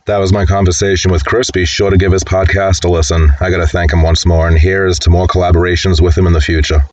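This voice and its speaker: A man with a very low voice reads a scripted podcast segment briskly. He sounds set back from the mic, and the recording is dull and muffled. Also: little pitch movement, darkish tone, far from the mic. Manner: brisk, read-from-script delivery. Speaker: podcast host.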